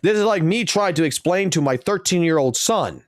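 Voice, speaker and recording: A male live streamer in his thirties or forties, venting in a long, swear-laden rant. His voice sits a touch higher than most men's, and the sound is close and dry with no room echo. He talks with blunt, exasperated conviction. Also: lively intonation, normal speed. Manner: profane, ranting, exasperated. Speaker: game streamer and host.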